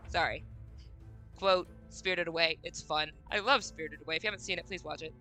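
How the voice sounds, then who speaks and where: A woman's voice: lowish voice, fairly quick, pushed and bright, faint music behind. A woman game streamer chatting casually and bubbly with her viewers, often breaking into giggles.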